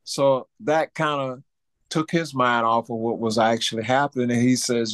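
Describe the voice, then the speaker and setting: Speaking at normal speed in a medium pitch, with no room sound on the recording, an octogenarian guest musician from Mississippi spins an interview story. He repeats himself often and mimics sounds with lively flair.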